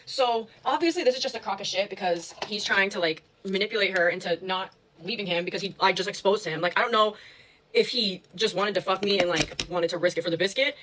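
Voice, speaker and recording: A young woman rattles through a casual storytime at a quick clip, her voice bright and a little sharp. She talks in a loose, chatty way, packed with fillers and the odd swear word. A faint hiss of noise sits under the recording. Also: medium pitch, rough recording.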